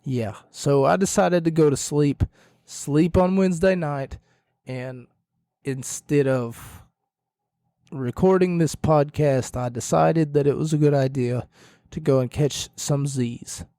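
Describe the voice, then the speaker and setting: Solo podcast host, man, a little hoarse, rambling and jokey; mellow, slightly high voice, dry close sound. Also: takes it slowly, dry recording. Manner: rambling, self-correcting, jokey. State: slightly hoarse, losing his voice.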